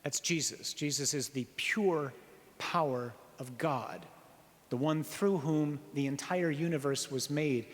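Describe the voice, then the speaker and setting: A priest giving an earnest sermon, slowing down on key phrases and asking the listeners rhetorical questions. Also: male voice, a little high. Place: church. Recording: reverberant church hall.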